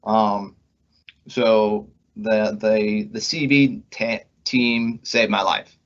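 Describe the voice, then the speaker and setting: A man telling his own stroke recovery story, halting with frequent restarts and searching pauses as he recovers his speech. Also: lowish voice, flat delivery, muffled recording. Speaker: pharmacist recounting his recovery. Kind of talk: personal testimony.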